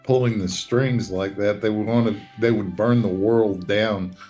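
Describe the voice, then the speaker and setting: A man's voice: lowish voice, fairly even intonation, unhurried, darkish tone, faint music behind. A man talking bluntly and matter-of-factly in a casual livestream chat.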